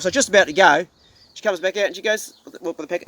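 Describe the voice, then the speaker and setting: A man's voice: sits high, very fast, a bit bright, no room sound. A middle-aged man with a New Zealand accent, a hunting vlogger ranting casually to camera in a blunt, profane, folksy way.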